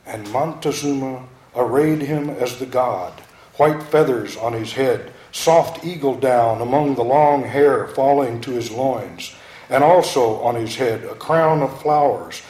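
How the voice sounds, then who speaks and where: A man reading poetry aloud in a slow, incantatory, dramatic way. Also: medium pitch, mellow. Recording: roomy echo.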